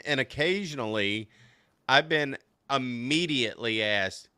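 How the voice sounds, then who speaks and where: A man from Louisiana hosts a laid-back podcast conversation, his voice bright and crisply clear. He talks excitably, laughing often and stumbling through quick restarts. The sound is dry and close, with no room around it. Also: mid-range voice, no echo. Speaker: podcast host. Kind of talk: casual podcast chat.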